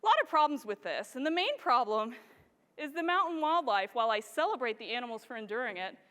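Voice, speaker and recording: A wildlife photographer gives a live stage presentation, telling stories to her audience with excited, animated enthusiasm and frequent laughter. Her high, bright voice moves at a quick pace and rings out with a long reverb across the large hall.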